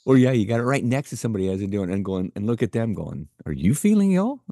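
A man's voice: fairly low pitch, rapid-fire, dark tone, no room sound, studio quality. A man co-hosting a casual comedic podcast, giggling often and riffing on the others' jokes. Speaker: podcast co-host.

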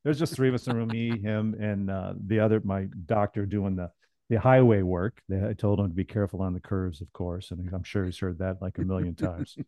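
A man in casual podcast chat, telling an animated, swearing story and acting out other people's lines. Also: sits low, brisk, dry recording, studio quality.

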